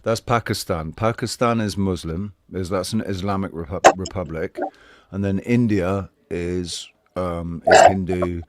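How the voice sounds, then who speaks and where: A man's voice: sits low, steady tone, measured pace, a loud crowd. A man hosting a live stream, chatting casually, rambling and repeating himself with casual swearing.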